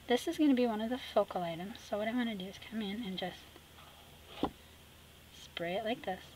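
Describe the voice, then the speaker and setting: A middle-aged woman hosting an art tutorial, chatty and teasing, narrating as she paints and dropping into soft whispered asides. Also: medium pitch, fairly quick, background noise.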